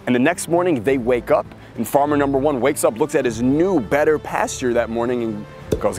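A man's voice: medium pitch, animated, fairly quick, a little mellow, soft background music. A man hosting a podcast, giving an emphatic motivational marketing talk and acting out characters as he tells stories. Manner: emphatic storytelling, acts out characters. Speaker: podcast host.

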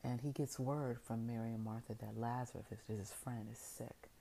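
A woman with a remarkably deep, gravelly voice delivers an inspirational faith talk. Her tone is mellow and warm, with a faint hiss behind it. She builds her message through repeated, stacked phrases. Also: steady tone, normal speed, hardly any pauses, poor audio. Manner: storytelling retelling of scripture. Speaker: motivational speaker.

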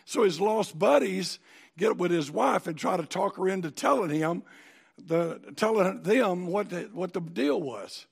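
A man preaching a sermon in a folksy, animated storytelling manner. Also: high voice, unhurried, gravelly, husky. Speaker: pastor.

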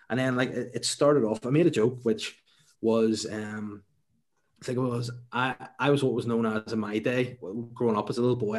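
A young man with a Northern Irish accent, a stand-up comedian chatting casually in an interview, rambling with many restarts. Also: fairly low pitch. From Northern Ireland.

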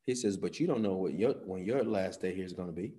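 A pastor preaching a sermon, folksy with "y'all", swinging between loud bursts and hushed asides. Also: male voice, low voice, animated, quick pace, slight background noise. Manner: folksy talk with "y'all" and "ain't".

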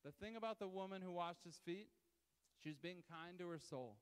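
A high-voiced male pastor preaches to his congregation in a loose, conversational way, tossing asides to the room. His tone is smooth and resonant. The sound carries a long reverb from the church hall. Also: fairly quick. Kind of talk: sermon. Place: church hall, live service.

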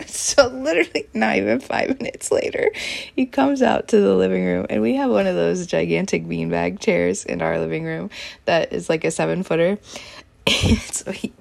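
A woman's voice: medium pitch, normal speed, creaky, darkish tone. A young woman talking candidly in a casual diary-style vlog, chatty, with lots of fillers and giggles. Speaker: vlogger.

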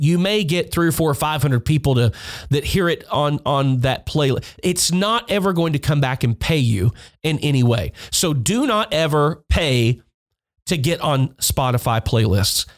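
A man's voice: on the high side, animated, measured pace. A man hosting a music industry podcast, giving blunt, emphatic advice, repeating points and swearing. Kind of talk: instructional podcast monologue. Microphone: podcast mic.

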